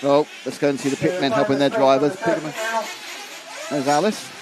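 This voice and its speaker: A man's voice: medium pitch, fairly even intonation, moderate pace, over a noisy crowd, rough recording. A man doing live commentary on a model car race, chatty and reading out viewer comments.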